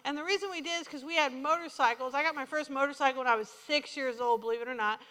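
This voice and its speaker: A woman's voice: high voice, quick pace, in a large hall. A woman preaching a sermon in a church, telling personal stories and acting out what people said to her. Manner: animated storytelling, quoting herself and others. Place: church sanctuary.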